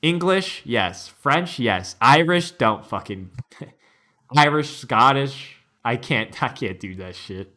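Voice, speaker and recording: A man's voice: medium pitch, expressive, slow, pushed and bright. A man streamer giving casual reaction commentary, laughing often and joking around.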